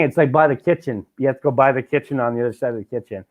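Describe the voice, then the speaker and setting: A podcast host from Canada, a man with a middle-pitched voice, talking loosely and swearing a lot. He acts out his stories and plays both sides of each exchange. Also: very fast. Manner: profane, animated storytelling with mimicked dialogue. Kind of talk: casual chat.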